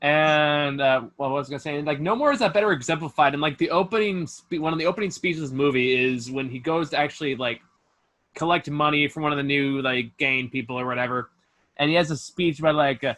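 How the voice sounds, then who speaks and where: A man's voice: fairly high pitch, quick pace, fairly bright tone. A man hosting a casual film review chat over a video call, talking in a profane, mocking way full of fillers. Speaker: host.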